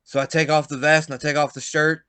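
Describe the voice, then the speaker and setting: A man spins a backstage story in casual chat, animated and full of swearing, with loud bursts when he acts out what others said. His voice is bright and forceful. The recording is close and dry, with no room sound. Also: fairly high pitch, fast talker, smooth, no room sound. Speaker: pro wrestler, podcast guest.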